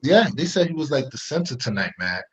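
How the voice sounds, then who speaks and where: A man's voice: mid-range voice, sing-song, brisk. A man hosting a casual sports chat, hyped and slangy as he talks. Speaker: podcast host. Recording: dull lo-fi sound.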